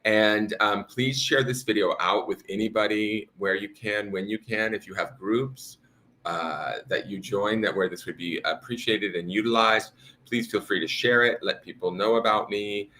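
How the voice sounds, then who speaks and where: Chatty man with a low, bright voice. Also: fairly even intonation, moderate pace, slight background noise. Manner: meandering, chatty, talks to viewers. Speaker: tarot reader. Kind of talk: live-streamed tarot reading. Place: home room with an altar.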